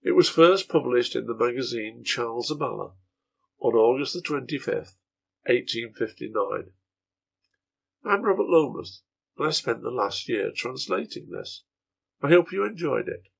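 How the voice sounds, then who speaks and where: Husky, creaky man reading a story. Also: mid-range voice, very animated, normal speed. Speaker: translator reading his own translation. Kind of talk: reading a serialized novel aloud.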